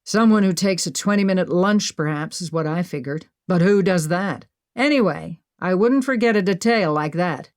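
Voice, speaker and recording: A woman's voice: lowish voice, normal speed, few pauses, darkish tone, dry recording, clean studio sound, natural voice. A woman narrator voicing a bold, pushy young woman who talks insistently. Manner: insistent, bossy.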